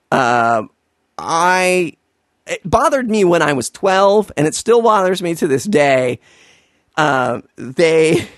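A man's voice: a little high, dry recording, studio quality. A man doing a sarcastic, exasperated comedic recap of a film, swearing freely.

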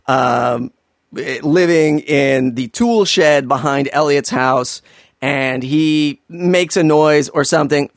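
A man's voice: a little high, dry recording, studio quality. A man doing a sarcastic, exasperated comedic recap of a film, swearing freely.

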